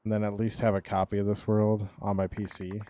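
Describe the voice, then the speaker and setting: Mellow low-voiced streamer man rambling. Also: completely flat delivery, fairly quick, slight background noise. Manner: rambling, thinking aloud, trails off with "so". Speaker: live streamer. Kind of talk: casual live-stream chat.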